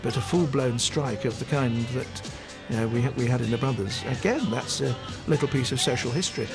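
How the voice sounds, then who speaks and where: A man's voice: mid-range voice, a little fast. Actor guy telling a funny story about himself, dry humor, music faintly behind. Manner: wry, self-mocking storyteller. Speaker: actor being interviewed. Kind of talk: anecdotal interview.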